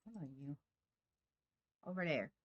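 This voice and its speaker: A woman's voice: low-pitched, lively intonation, a little slow, breathy edge, dull audio. A woman streaming a game, chatting casually and baby-talking to her cat. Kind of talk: casual live-stream chat.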